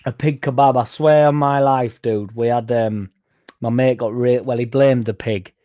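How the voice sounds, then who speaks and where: Sweary man, mellow voice. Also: medium pitch, steady tone, moderate pace. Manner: rambling, sweary, jumps off on tangents. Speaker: fan channel livestream host. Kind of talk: casual livestream chat reading comments.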